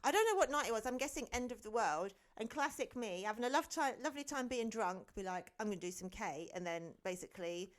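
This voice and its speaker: A woman co-hosting a podcast in casual chat, telling a story in a relaxed way and throwing in dry, teasing quips. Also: on the high side, brisk, hardly any pauses. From England. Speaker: podcast co-host.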